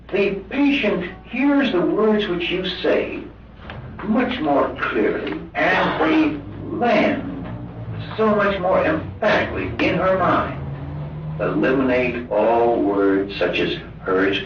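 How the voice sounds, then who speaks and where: Male instructor, animated and emphatic, old hissy roomy recording. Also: medium pitch, recorded from a distance, lo-fi sound. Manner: lively, emphatic lecturing with drawn-out stressed words. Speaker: medical hypnosis instructor. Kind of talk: recorded lecture.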